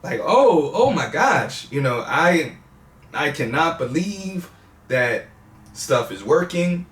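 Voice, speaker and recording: Slow, halting man in an echoey room. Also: a little high, very animated, a bit bright. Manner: halting, many fillers and restarts. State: tearful, laughing through emotion. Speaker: interview guest. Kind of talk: emotional interview.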